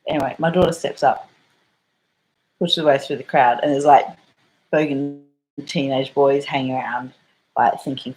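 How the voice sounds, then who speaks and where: A woman's voice: extremely low pitch, unhurried, a little mellow, low-quality recording. An Australian woman telling a story in a casual vlog, rambling and swearing and full of fillers. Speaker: vlogger.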